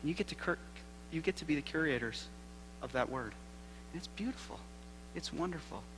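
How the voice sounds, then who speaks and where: A man who is a seminary professor gives a keynote address at a church convocation. He tells stories and closes with a prayer, speaking earnestly and moving between loud emphasis and hushed, intimate passages. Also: fairly high pitch, lively intonation, a little fast, noisy background. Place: lecture hall at a church convocation.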